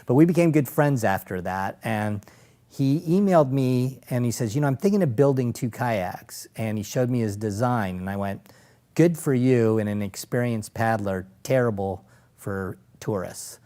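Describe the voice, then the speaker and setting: A man's voice: mid-range voice, moderate pace. A middle-aged man, a former lawyer turned safari operator, telling stories as an interview guest, acting out voices and laughing as he goes. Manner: animated storyteller, acts out voices and laughs. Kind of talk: anecdotal storytelling in conversation.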